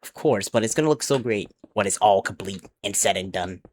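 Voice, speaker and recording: A man's voice: fairly low pitch, lively intonation, brisk. A young man streaming from home on a desk mic, rambling casually to his chat while he builds in a game. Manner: rambling and chatty, talks to chat, counts aloud under his breath. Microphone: desk mic with headphone monitoring.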